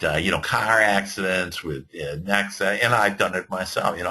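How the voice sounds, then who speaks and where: A man giving an earnest motivational talk to entrepreneurs, animated, with frequent fillers and restarts. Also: low voice, breathy edge. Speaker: motivational speaker. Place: virtual webinar.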